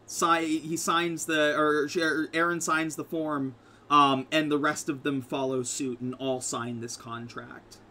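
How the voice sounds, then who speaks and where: A man's voice: a little high, little pitch movement, measured pace, sharp tone. A man narrating a tabletop game as game master, rambling with lots of fillers.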